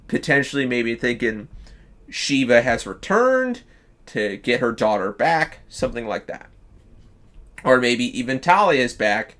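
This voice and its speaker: A man streaming live, pitching a story in loose casual chat, swearing freely and restarting sentences. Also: fairly bright tone. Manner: profane, loose, full of fillers and restarts.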